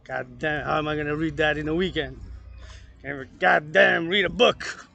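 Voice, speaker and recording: Gravelly, bright-voiced rambling man. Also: fairly high pitch, steady tone, normal speed. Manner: rambling, profane, jumps between topics. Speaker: fitness vlogger. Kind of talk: rambling monologue.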